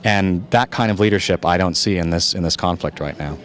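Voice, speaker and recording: A man from the United States, a journalist, answering audience questions after a film screening in a calm, measured, thoughtful way. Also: sits low. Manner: thoughtful, searching for words.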